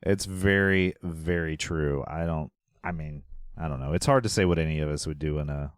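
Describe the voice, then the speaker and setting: A man's voice: extremely low pitch, moderate pace, smooth, dry recording, clean studio sound. A man co-hosting a podcast, casually recapping a movie scene by scene, rambling and trailing off, with a laugh slipping into his lines. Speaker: podcast co-host.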